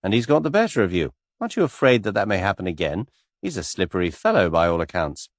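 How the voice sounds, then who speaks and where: A man voicing a cool English gentleman suspect, speaking lightly and teasingly in an unhurried way. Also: sits low, sing-song, no room sound, clean studio sound. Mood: amused.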